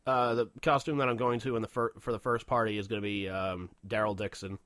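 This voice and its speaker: A man's voice: fairly low pitch, little pitch movement, fast, a bit bright, no echo. A man co-hosting a podcast in casual, profane chat, rambling and laughing often. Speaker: podcast co-host.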